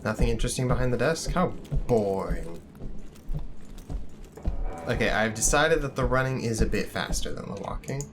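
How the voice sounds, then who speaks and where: A man gives rambling, self-deprecating let's-play commentary, cracking jokes as he plays. His voice sits at a middle pitch, with the game's music running underneath. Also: animated, moderate pace, long pauses. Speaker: gaming channel host. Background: game music.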